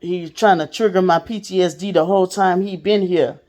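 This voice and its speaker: A woman's voice: lowish voice, steady tone, moderate pace, a little mellow. A woman casually telling a personal story to her viewers, in a blunt, profane way. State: sick. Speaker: vlogger.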